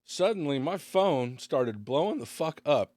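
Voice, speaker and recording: A man's voice: fairly high pitch, very animated, a little slow, darkish tone, no echo, studio quality. A man who is a guest on a casual podcast, telling stories in a laid-back way and swearing a lot. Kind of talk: casual chat, storytelling.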